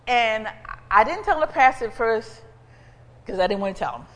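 A woman preacher gives an animated, conversational sermon, calling out to her congregation. Her voice sits on the higher side and carries a long hall reverb from the church sanctuary. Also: moderate pace. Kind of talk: sermon with personal testimony.

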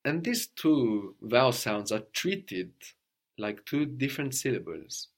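A man's voice: mid-range voice, very animated, takes it slowly. A man teaching a language lesson, patiently prompting his student and often checking with a questioning "no?".

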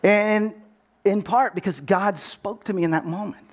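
Middle-aged texas-born pastor guy, pretty high voice, earnest storytelling sermon, trips over his words a bit. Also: measured pace.

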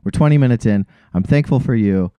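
A man's voice: medium pitch, a little fast, clear, resonant tone, no room sound, muffled recording. A man co-hosting a casual podcast, ranting with heavy swearing and loose, rambling energy. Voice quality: profane, animated ranting. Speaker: podcast co-host.

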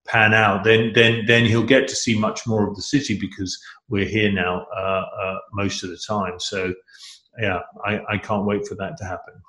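A man's voice: on the low side, level tone, moderate pace, pushed and bright, reverberant. A middle-aged man chatting as an interview guest, rambling and enthusiastic, often restarting his sentences. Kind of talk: casual interview chat.

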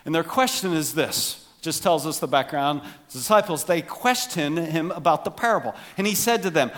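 A man preaching a humorous sermon to his congregation, joking and animated, dropping to quiet asides. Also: on the high side, normal speed. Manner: jokey, animated, drops to soft asides. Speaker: pastor.

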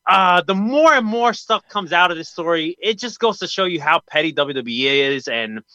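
A man hosting a casual wrestling podcast, talking in an animated way that swings between hyped and disgruntled. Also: sits high, normal speed, no echo, dull audio. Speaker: podcast host.

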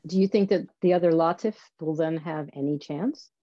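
Warm-toned woman asking probing questions. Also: low voice, moderate pace, dry recording, muffled recording. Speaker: podcast host, interviewer. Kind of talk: conversational interview.

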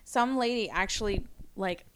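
A woman chatting casually with friends, telling lively stories and swearing now and then. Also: mid-range voice, normal speed, a little hiss or hum.

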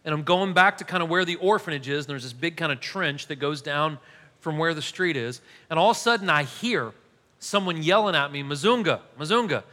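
A male pastor in his thirties preaching a sermon, telling a story with animated, self-deprecating humor. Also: a little high, brisk. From United States. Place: church hall. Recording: long hall reverb.

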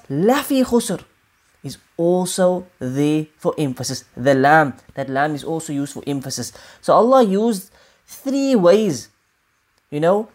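A woman giving a religious lesson, explaining scripture in a measured way and repeating key points for emphasis. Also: fairly low pitch. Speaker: Quran teacher.

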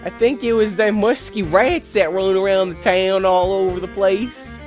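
A woman's voice: medium pitch, moderate pace, a little mellow, soft background music, natural voice. A woman voicing a cheeky young male dragon posing as a cowboy, with a put-on rural Western drawl and a folksy, mock-innocent manner. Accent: put-on rural American Western drawl.

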